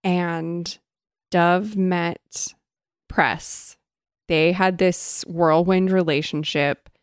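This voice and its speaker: A woman co-hosting a podcast, animated and swearing freely while discussing a book. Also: fairly low pitch, extremely slow, clean tone, no echo, clean studio sound.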